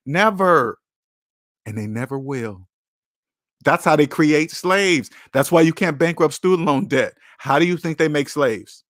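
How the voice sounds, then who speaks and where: A man hosts a personal finance livestream and talks straight to his chat. His voice sits a little high. He lectures bluntly and repeats phrases to drive his points home, and the sound is dry and close with no room echo. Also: moderate pace, a bit bright. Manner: blunt, preachy, repeats key phrases for emphasis. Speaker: personal finance channel host. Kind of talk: livestream talk answering chat.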